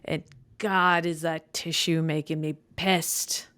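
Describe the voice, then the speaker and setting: A woman's voice: low voice, little pitch movement, takes it slowly, fairly bright tone. A young woman comedian hosting her own podcast, rambling casually, tripping over her words, easily irritated, with a voice that cracks. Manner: stumbling, self-deprecating, easily irritated.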